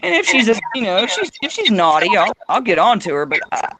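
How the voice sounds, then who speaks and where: A man's voice: sing-song, fast talker, sharp tone. A man hosting a casual political chat, talking emphatically. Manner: emphatic, swings into high mock voices. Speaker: host.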